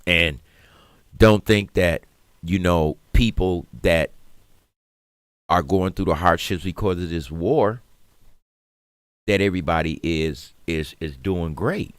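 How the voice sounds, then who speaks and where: Deep-voiced Detroit man ranting on air. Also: slow, long pauses, clear, resonant tone, dry recording, studio quality. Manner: animated, rising to loud emphatic rants; streetwise slang, laughs through hard talk. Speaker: radio show co-host. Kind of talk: casual talk radio monologue.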